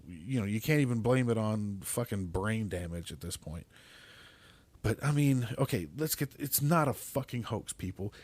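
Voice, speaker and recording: A man's voice: mid-range voice, no room sound. Male podcast host, solo rant, exasperated and foul-mouthed, dry close sound, mid-range voice. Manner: exasperated, swears constantly, repeats words when heated.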